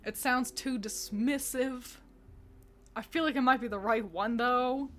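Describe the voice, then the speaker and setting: A woman with a bright, high voice streams a game from home. She chats casually and reacts aloud to what happens on screen, laughing often as she plays. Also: unhurried, a little hiss or hum. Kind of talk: casual gaming commentary.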